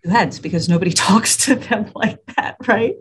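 At a normal speed and a medium pitch, a woman talks through her experiences with kids and parents in a casual interview. She works as a school administrator and parenting educator. She's an animated narrator who plays out the exchanges she describes.

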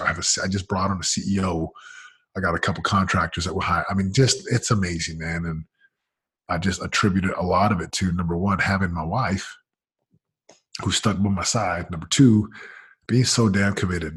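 A man, a business coach, telling his story in a casual, energetic way, full of "man" and "like", swinging between loud excitement and quiet murmurs. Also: low voice, husky. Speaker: business coach, interview guest.

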